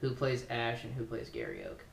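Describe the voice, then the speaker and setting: A man's voice: mid-range voice, wildly swooping pitch, moderate pace, gravelly, a little hiss or hum. A man co-hosting a casual chat show, tossing in dry, wry remarks. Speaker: podcast co-host. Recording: echoey room.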